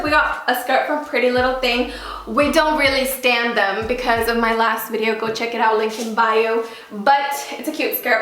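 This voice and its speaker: A woman's voice: fairly high pitch, a bit bright. A woman hosting a casual try-on vlog at home, playful and chatty, sometimes breaking into song. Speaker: YouTuber. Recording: very echoey room, faint music.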